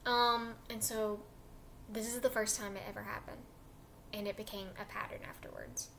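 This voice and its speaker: A woman's voice: medium pitch, little pitch movement, moderate pace, creaky, fairly bright tone, a little hiss or hum. A young woman casually telling a personal story in a chatty, emotional way with lots of fillers.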